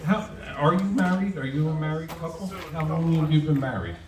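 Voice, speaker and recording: A man's voice: on the high side, animated, a little fast, a crowd in the background. A man in his sixties doing a self-deprecating stand-up comedy set for a live audience at a winery. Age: 60s. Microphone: camera on a tripod at the back of the room. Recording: echoey room, distant camera mic, audience noise.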